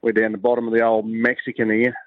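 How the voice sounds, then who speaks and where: A man's voice: on the low side, monotone, fast, dry recording, phone-quality sound. An Australian man leaving a brash, swearing voice message full of boasts. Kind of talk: crude voice-message banter.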